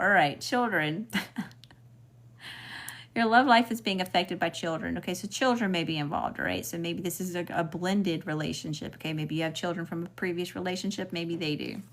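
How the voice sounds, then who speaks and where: A woman's voice: fairly low pitch, vocal fry, fairly bright tone, slight background noise. A woman with a Southern US accent giving a casual spiritual reading as a tarot reader, talking frankly and swearing freely with chatty asides.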